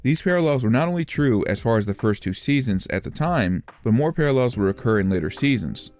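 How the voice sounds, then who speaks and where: A man giving reflective scripted commentary in a measured, self-reflective way. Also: medium pitch, animated, a little mellow, faint music behind. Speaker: video essayist.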